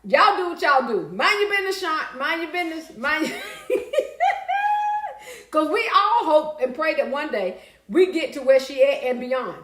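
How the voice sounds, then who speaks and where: A woman's voice: high-pitched, big pitch swings, normal speed, fairly bright tone, echoey room. A woman hosting a casual live stream. She reads out viewer comments, talks back to them, and now and then breaks into song and laughter. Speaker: livestream host reading viewer comments.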